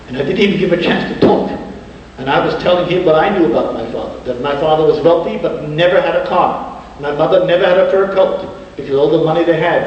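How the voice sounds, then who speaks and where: A male rabbi tells stories in an earnest sermon, slowing down for dramatic pauses. His voice sits a little high. He sounds far from the mic, dull and washed in the long echo of a large hall. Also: darkish tone, a little hiss or hum. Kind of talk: emotional storytelling sermon. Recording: distant, dull echoey hall.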